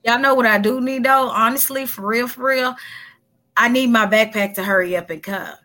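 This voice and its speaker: A woman's voice: fairly high pitch, normal speed, sharp tone. A woman hosting a casual podcast chat, leading the group with questions. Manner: leads the discussion, asks the group questions. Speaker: podcast host.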